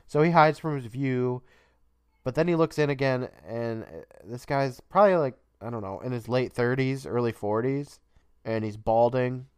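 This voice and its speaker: Man, podcast co-host, casual recap, swears freely, smooth resonant voice, dry sound. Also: medium pitch, normal speed, a little mellow, no echo. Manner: laid-back, swears freely, laughs often.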